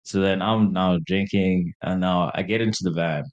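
A man's voice: low-pitched, steady tone, moderate pace, dull audio. A young man co-hosting a podcast, casually telling a party story, acting out quotes in a raised voice and laughing often. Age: young adult. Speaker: podcast co-host.

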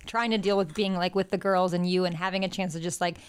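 A woman's voice: fairly low pitch, steady tone, fast, clean tone. A woman co-hosting a podcast, responding in a supportive and reflective way with hesitant phrasing. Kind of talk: casual chat.

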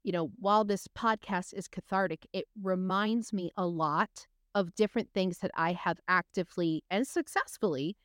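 Frank middle-aged woman podcaster, smooth voice. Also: on the low side, moderate pace, hardly any pauses, fairly bright tone, no room sound, clean studio sound. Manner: frank, restarts and hesitates, thinks aloud. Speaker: podcast co-host. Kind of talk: candid casual chat.

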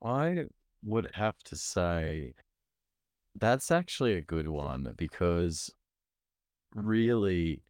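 Male co-host, lower animated voice, blunt and sweary, dry mic. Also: slow, pauses often, no room sound. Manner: blunt, swears freely, chatty reactions. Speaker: podcast co-host. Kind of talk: casual chat.

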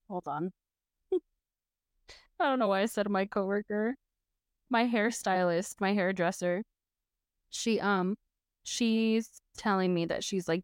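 A teenage girl chats on a podcast in slangy, casual speech and retells gossip by acting out each person's voice. Her voice is clear and smooth, and the recording is dry. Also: lowish voice, dry recording. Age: teens. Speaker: podcast co-host. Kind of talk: casual chat.

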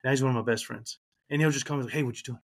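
A man's voice: medium pitch, fairly even intonation, very fast. Guy in his 30s on a podcast, earnest and reflective, talks about his life, gets a bit emotional, ordinary mid voice. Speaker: podcast guest. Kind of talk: candid personal storytelling.

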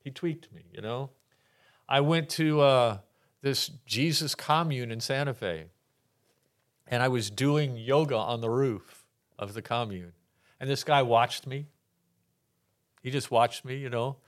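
An older man from Texas, a podcast guest telling his faith testimony in a lively way, acting out the voices in his anecdotes and laughing often. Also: mid-range voice, measured pace, long pauses.

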